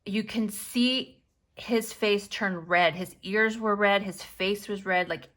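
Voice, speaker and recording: A woman's voice: medium pitch, slow pace. A woman hosting a planning channel, telling a chatty story and acting out the dialogue. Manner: animated storyteller who acts out quoted dialogue.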